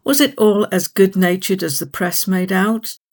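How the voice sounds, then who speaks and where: A woman's voice: medium pitch, fairly even intonation, measured pace, darkish tone. Woman asking light interview questions.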